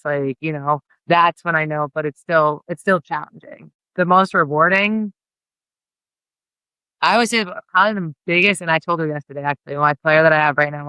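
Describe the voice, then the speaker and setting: Bright, crisp-voiced woman coach. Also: low-pitched, no room sound, rough recording. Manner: rapid and earnest, heavy use of "like", with frequent restarts. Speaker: college basketball head coach. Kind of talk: candid podcast interview talk.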